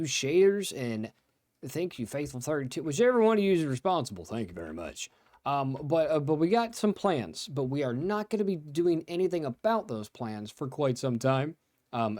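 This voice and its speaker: A young man from Ohio hosting a gameplay video, rambling casually with excitable bursts. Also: mid-range voice, no echo. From Ohio, USA. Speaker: let's play host.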